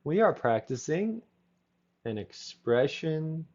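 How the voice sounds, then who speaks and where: Male English teacher, very slow and sing-song, patient repetition, dull lo-fi sound. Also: fairly high pitch, sing-song, a little mellow. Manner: slow, repetitive drilling with brief Spanish asides. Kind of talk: live online class. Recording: dull lo-fi audio.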